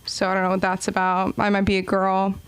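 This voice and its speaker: Smooth-voiced rambling comedy host woman. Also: mid-range voice, completely flat delivery, fairly quick. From Los Angeles. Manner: rambling, self-deprecating, ironic. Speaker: open mic host. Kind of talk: stand-up comedy hosting. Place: small comedy club stage.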